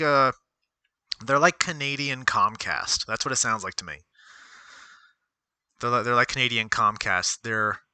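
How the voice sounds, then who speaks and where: A man's voice: mid-range voice, sharp tone, smooth, no room sound. A man giving casual live-streamed commentary on a stock as he reads it aloud, rambling and correcting himself as he goes. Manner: rambling, self-correcting, talks to himself while reading aloud.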